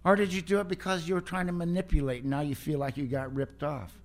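A man putting on a blunt older priest, higher voice. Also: flat delivery, fast, lightly acted. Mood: scolding. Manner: scolding, lecturing.

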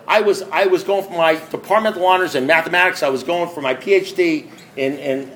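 A man's voice: fairly high pitch, a little fast, a bit bright, slight background noise. A man speaking at a recovery meeting, telling his story with wry, self-mocking humor and emphatic, repeated build-ups. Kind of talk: storytelling talk.

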